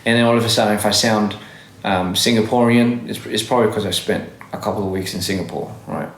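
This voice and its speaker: A man's voice: fairly low pitch, steady tone, quick pace, gravelly. Man, diluted Aussie accent, loose live-stream chatter, roomy echo on a phone mic. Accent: Australian English, softened by years abroad. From Australia. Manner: rambling, self-correcting, frequent laughs. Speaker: livestreamer. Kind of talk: casual live-stream chat reading comments.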